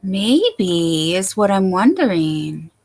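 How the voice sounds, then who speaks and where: A woman's voice: mid-range voice, big pitch swings, slow pace, a little mellow. A woman hosting a casual late-night livestream from home, chatting and rambling as she greets viewers by name. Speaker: livestream host.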